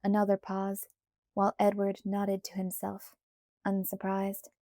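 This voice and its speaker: A woman narrating a novel aloud in the first person, in unhurried scripted storytelling. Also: medium pitch, completely flat delivery, dark tone, no echo, clean studio sound. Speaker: audiobook narrator.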